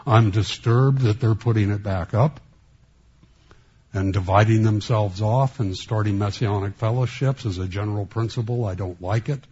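A man preaching a sermon as a pastor, speaking in a halting way with many restarts and flashes of sarcasm. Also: on the low side, darkish tone, breathy edge, dull audio.

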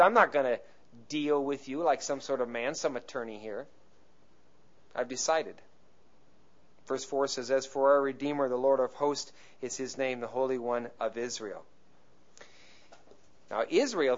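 Male pastor, conversational sermon with bursts of emphasis; slightly high voice, muffled recording. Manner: conversational preaching, swells in emphasis.

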